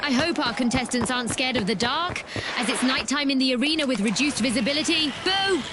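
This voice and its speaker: A woman's voice: sits high, fast, heavy background noise, natural voice. A woman voicing a teasing arena co-host. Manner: teasing, playful. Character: playful female arena show co-host. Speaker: co-announcer. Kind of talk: game-show commentary. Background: loud game music.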